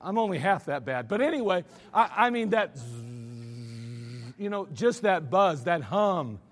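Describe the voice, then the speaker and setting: American pastor, man; high pitch, conversational sermon with animated quotes, long church reverb. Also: normal speed. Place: church sanctuary.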